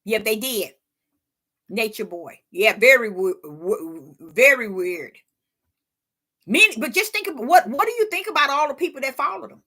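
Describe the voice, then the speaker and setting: A woman's voice: a little high, sing-song, moderate pace, pushed and bright. A woman with an African American English accent, giving casual preaching commentary in an emphatic, repetitive way with stammered fillers. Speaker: live stream host.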